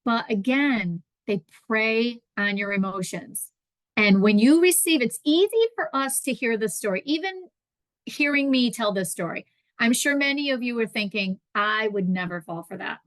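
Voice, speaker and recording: A woman's voice: a little high, normal speed, no room sound. A woman giving a conversational public presentation on consumer protection, acting out callers and victims in quoted voices.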